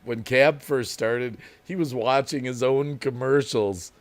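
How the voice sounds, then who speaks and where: A man's voice: mid-range voice, takes it slowly. Chatty man hosting a livestream. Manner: chatty, laughs often, reads chat aloud. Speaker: livestream host. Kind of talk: casual chat reading viewer comments.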